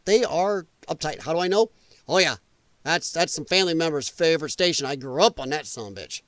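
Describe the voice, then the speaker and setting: A high-voiced man hosting a late-night news livestream, talking in a casual, sarcastic, ranting style. The sound is dry and close, with no room echo. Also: animated, a little fast, a bit bright. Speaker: livestream host.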